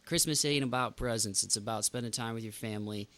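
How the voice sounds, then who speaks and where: A man's voice: mid-range voice, brisk, fairly bright tone, smooth. A man hosting a podcast in casual chat, ranting with emphatic outbursts. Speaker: podcast host.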